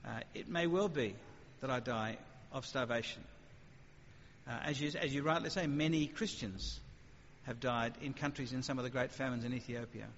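A man giving an animated, conversational talk on faith to an audience, with lively acted asides before taking questions. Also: medium pitch, moderate pace. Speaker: speaker. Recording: muffled hall recording with faint noise.

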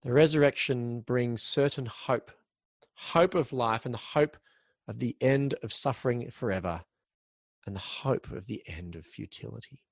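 Male preacher, earnest sermon delivery, medium pitch, dry close-miked recording. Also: vocal fry, no room sound. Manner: earnest, slows down for emphasis, occasional restarts.

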